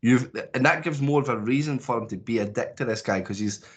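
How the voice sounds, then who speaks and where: A man's voice: medium pitch, a little fast. A Scottish man co-hosting a podcast, reviewing a movie in casual, rambling chat with lots of swearing and restarts. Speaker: podcast co-host.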